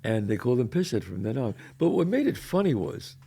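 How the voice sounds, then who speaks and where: An older man with a New York accent, telling neighborhood stories as a podcast host in a casual, animated way. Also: medium pitch, brisk, gravelly, husky. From the Bronx, New York. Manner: animated, loud when quoting, trails off quietly. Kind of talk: casual storytelling.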